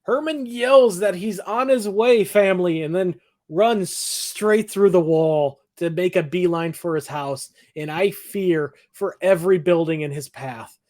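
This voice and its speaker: A man co-hosting a podcast, recapping a TV episode in casual chat, animated and laughing often. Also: high voice, a little slow, few pauses. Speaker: podcast co-host.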